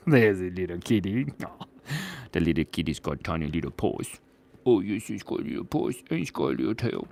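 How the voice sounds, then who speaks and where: A man's voice: sits low, very animated, normal speed, gravelly, long pauses, darkish tone. A young man hosting a live drawing stream, chatting playfully, giggling, and reading out viewer comments. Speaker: drawing livestream host. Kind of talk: casual live drawing chat.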